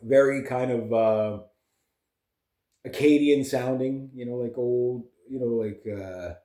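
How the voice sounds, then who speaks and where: A man's voice: medium pitch, slow, warm tone, reverberant. A man, a vlogger and musician, chatting casually and rambling between topics with lots of fillers and restarts. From Canada.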